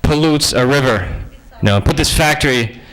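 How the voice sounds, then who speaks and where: A man giving a humorous sermon-style lecture in a conversational, joking way with lively asides. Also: mid-range voice, moderate pace, rough recording.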